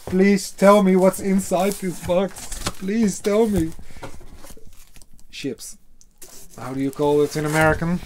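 A man with a Dutch accent, a native Dutch speaker, chatting casually in an unboxing video, halting often with fillers and cursing offhand. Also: high voice, steady tone, darkish tone, a little hiss or hum. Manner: hesitant, halting, full of fillers, casually swearing. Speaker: beer reviewer.

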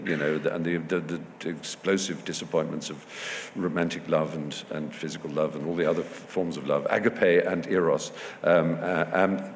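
A man speaking as a guest in an onstage festival conversation, discursive and wry, often restarting his sentences. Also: deep voice. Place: festival stage before an audience. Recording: long hall reverb, faint background noise.

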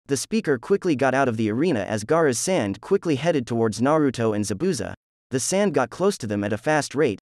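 A man narrating a fan fiction story in a plain, even reading voice. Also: mid-range voice, a little fast, no echo, clean studio sound.

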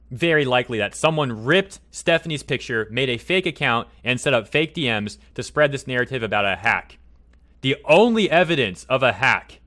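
A man's voice: medium pitch, pushed and bright. A man hosting a commentary vlog, ranting heatedly and repeating his points for emphasis. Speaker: commentary channel host.

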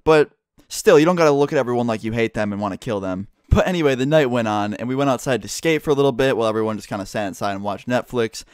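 A man's voice: mid-range voice, a little mellow, smooth, no room sound, clean studio sound. A young man telling a casual story to camera, rambling and swearing freely. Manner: rapid, profane, rambling storytelling. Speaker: vlogger.

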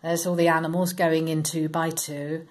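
A woman reading a Bible story aloud to children, in a slow, expressive, sing-song storytelling manner. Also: sits low.

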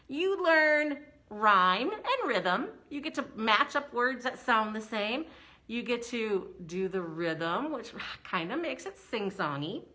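A woman's bright, high voice swoops up and down as she leads a preschool story time. She talks slowly and with exaggerated sing-song cheer for little children, the way a middle-aged librarian reads rhymes aloud.

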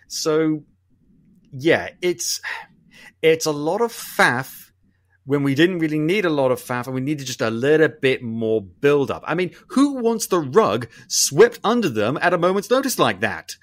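A man, co-hosting a podcast and talking through a film review in a long-winded, animated way, swearing casually. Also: a little high, measured pace, no room sound. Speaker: podcast co-host.

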